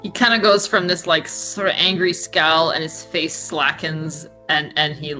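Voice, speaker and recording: A woman's voice: low-pitched, fairly even intonation, measured pace, over music, low-quality recording. A woman running a tabletop role-playing game as game master, describing characters in a casual way.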